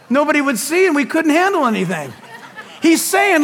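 A man preaching a sermon as pastor, animated, acting out Bible scenes with laughter and sudden shouts. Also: very high voice, unhurried, pauses often, in a large hall, some chatter behind.

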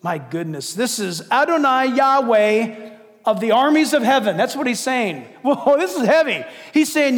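A man preaching a sermon as pastor, impassioned, swinging from loud declaiming to hushed asides. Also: very high-pitched, lively intonation, normal speed. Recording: long reverb of a large hall.

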